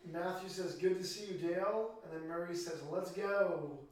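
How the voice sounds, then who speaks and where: A man's voice: sits high, steady tone, moderate pace, far from the mic. A man co-hosting a livestream in casual banter, giving short replies and reading out chat comments. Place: small apartment. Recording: echoey room, away from the mic.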